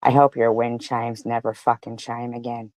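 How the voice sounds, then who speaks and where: A woman's voice: flat delivery, normal speed, no room sound. Woman ranting furiously, dry close voice. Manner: swings between shouting and low mutters. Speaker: commentary streamer. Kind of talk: angry live-stream commentary.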